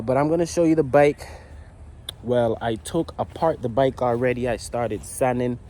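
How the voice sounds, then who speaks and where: A man's voice: medium pitch, slight background noise. A man from the Virgin Islands telling a rambling, slangy story in a casual vlog while working in his garage. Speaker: motorcycle builder. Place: home garage.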